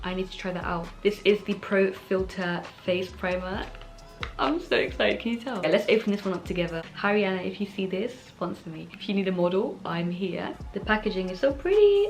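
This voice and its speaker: A young woman talking as a beauty vlogger in a casual chat from home, gushing and excitable. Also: lowish voice.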